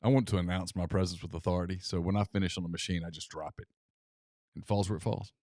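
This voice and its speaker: A man's voice: low voice, fairly even intonation, fast talker, darkish tone, no echo, clean studio sound. A man co-hosting a casual sports talk show, wry and self-deprecating, often stumbling and repeating words. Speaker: podcast co-host.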